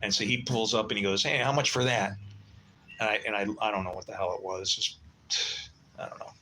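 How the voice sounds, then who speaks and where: Older male livestream host in his sixties, low-pitched but with a bright, edgy bite, blunt and profane, rambling through stories, faint room hum behind. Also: fairly even intonation, fast talker, poor audio. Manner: blunt, swearing storyteller who mutters asides. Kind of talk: casual rambling livestream chat.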